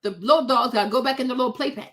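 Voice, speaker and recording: A woman's voice: a little high, very fast, a bit bright. A woman hosting opinionated commentary, blunt and sassy, talking straight to her viewers. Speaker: commentary host.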